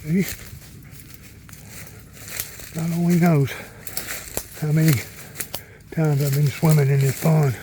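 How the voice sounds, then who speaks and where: Folksy man, somewhat high voice. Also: fairly even intonation, takes it slowly, long pauses, noisy background. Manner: rambling folksy storytelling, talks to his dog. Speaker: vlogger. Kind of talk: casual outdoor vlog. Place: outdoors in the countryside by a pond.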